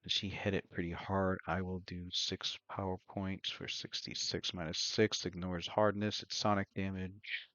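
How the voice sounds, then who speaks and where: Low-voiced mumbling man, dull lo-fi mic. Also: little pitch movement, moderate pace, a little hiss or hum. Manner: quiet, mumbling, hesitant. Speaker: player. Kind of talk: casual tabletop game play.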